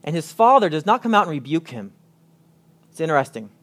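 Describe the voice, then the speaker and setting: Earnest male preacher, slightly high voice. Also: big pitch swings, fairly bright tone. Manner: earnest preaching, reading scripture aloud with emphatic pauses. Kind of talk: sermon.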